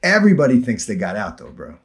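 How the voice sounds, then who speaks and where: Animated middle-aged man telling stories. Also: medium pitch, fast. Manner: animated, acts out village voices, laughs often. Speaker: former field worker telling stories. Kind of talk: casual storytelling conversation.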